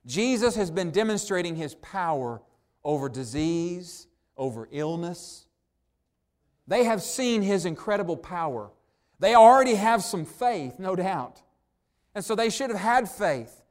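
A man preaching a sermon, earnest, slowing right down to stress key words. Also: high-pitched, very animated, a little mellow. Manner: earnest preaching, slows down for emphasis. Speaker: pastor.

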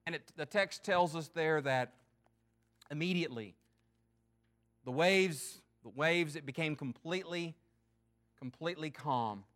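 Male pastor with a high voice, earnest and emphatic sermon delivery. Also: measured pace, long pauses. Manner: earnest, emphatic preaching with swings in loudness and pace.

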